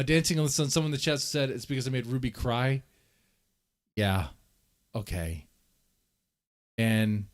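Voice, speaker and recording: Teasing, rambling male stream host. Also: medium pitch. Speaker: livestream host. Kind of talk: casual livestream chat.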